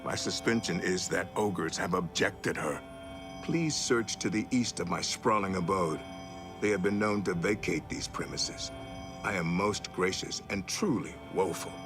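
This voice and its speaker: A man's voice: sits low, measured pace. An actor playing a pompous male orc lord in a video game, speaking in a grand, formal way full of misused words. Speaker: game character. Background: game music.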